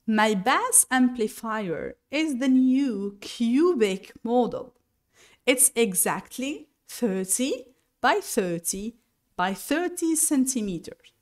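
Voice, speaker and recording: Slow, lively-pitched woman teaching English. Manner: slow and deliberate, spelling out each word with self-corrections. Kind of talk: recorded lesson explanation.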